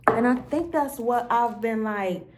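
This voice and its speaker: A woman's voice: fairly high pitch, measured pace, heavy background noise. A woman talking to the camera in a candid, rambling diary-style monologue, full of "like" fillers and casual swearing. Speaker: vlogger.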